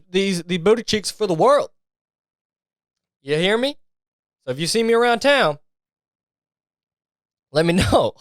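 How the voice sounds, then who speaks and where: Young male podcast host, smooth clean voice, dry close sound, loose profane rambling comedy. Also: high voice, no echo. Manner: rambling, profane, restarts and mimics others for laughs. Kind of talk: casual comedic monologue.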